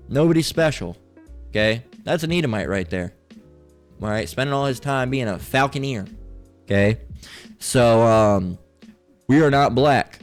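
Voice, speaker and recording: A man hosting a religious channel, reading viewer comments aloud and answering them in a profane, mocking, scolding way, stretching words out to preach. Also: medium pitch. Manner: preachy, drawn-out emphasis.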